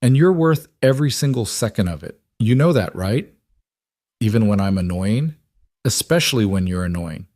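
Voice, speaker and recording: A worn-out but tender single father reassures his young daughter in a storybook reading, voiced by a man. His voice sits a little low and is recorded close and dry, with no room around it. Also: expressive, moderate pace, a little mellow, no room sound. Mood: reassuring. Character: struggling single dad, gentle and honest. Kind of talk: storybook narration.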